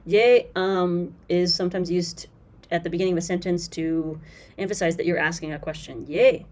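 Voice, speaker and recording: A woman teaching Swahili in a casual lesson commentary, explaining patiently and repeating phrases slowly with fillers, frank about bad translations. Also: lowish voice, steady tone, darkish tone.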